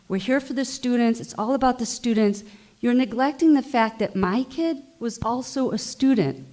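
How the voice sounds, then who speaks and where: A woman's voice: on the high side, darkish tone. A middle-aged woman, a parent, speaking with emotion and rising force during public comment at a school board meeting.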